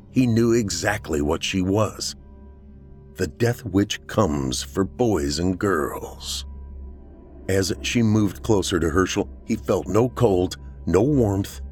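A man with a low voice reads a horror tale in a measured, dramatic way. Faint music plays beneath his narration. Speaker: podcast narrator.

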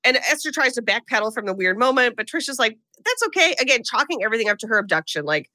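A woman with a bright, forceful, fairly high voice recaps a film for a podcast, in casual, comic talk. She tells it with energy and slips into playful put-on voices for the characters. The sound is dry and close. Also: fast talker, no room sound. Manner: animated storytelling, acts out characters' lines in put-on voices. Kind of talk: casual comedic movie recap.

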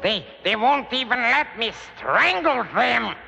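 A man's voice: very high-pitched, expressive, a little slow, bright, forceful tone, exaggerated voice. A man impersonating a creepy, whiny crooner on an old comic novelty record. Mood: creepy crooning. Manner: sung with breathy menace, stammering. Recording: old record with band music.

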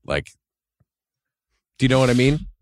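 A man's voice: mid-range voice, sing-song, normal speed, dry recording, studio quality. A man co-hosting a podcast, asking rambling questions and laughing easily. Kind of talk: casual podcast chat.

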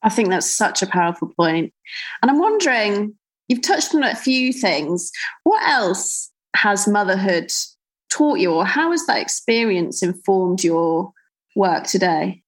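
A woman hosting a podcast interview who asks her questions in a measured, thoughtful way. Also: mid-range voice, very animated, low-quality recording. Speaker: podcast host.

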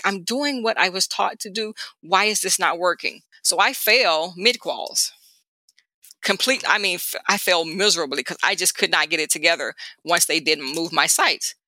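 Bright-voiced woman telling her story. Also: on the low side, no echo. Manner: animated, acts out quoted people while telling a story. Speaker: guest, former DEA agent. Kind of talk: conversational storytelling.

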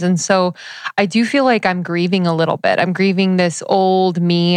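A woman's voice: on the low side, clear, resonant tone, no room sound. A woman co-hosting a casual chat, speaking earnestly and reflectively with casual swearing. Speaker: podcast co-host.

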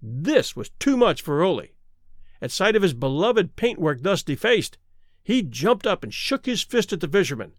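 Lively higher-voiced male storyteller. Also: no echo, clean studio sound. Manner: expressive, rises and falls with the action. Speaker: audiobook narrator. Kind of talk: dramatic storytelling narration.

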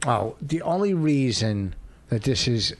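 A man's voice: mid-range voice, sing-song, a little slow. A middle-aged man co-hosting a podcast, needling his co-host in blunt, dry banter. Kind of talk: casual banter.

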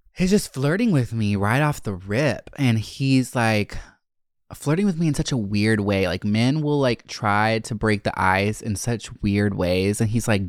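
A man's voice: no echo, studio quality. Sassy, candid young man telling stories. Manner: sassy, animated, swings into high camp voice for punchlines; acts out quoted people with shifted voices. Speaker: podcast host. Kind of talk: candid storytelling podcast.

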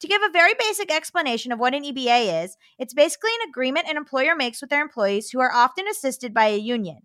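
A woman's voice: sits high, animated, fast talker, fairly bright tone, dry recording, clean studio sound. A woman co-hosting a podcast, reading listener letters aloud and riffing with a laugh between them.

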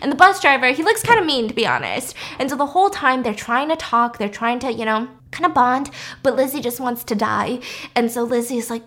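A young woman casually retelling a movie plot, acting out each character's lines with lively swings and swearing. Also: sits high, quick pace. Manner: animated, acts out characters' lines, laughs and swears.

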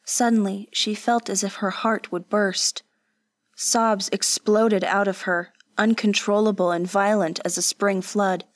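A woman narrating a novel aloud in a measured, emotive way. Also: medium pitch, fairly even intonation. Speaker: audiobook narrator. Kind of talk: scripted narration.

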